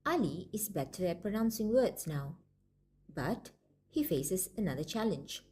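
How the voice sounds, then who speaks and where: A woman lecturer giving a scripted, measured narration of a language lesson. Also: on the low side, big pitch swings, darkish tone, slight background noise. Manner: measured, explanatory.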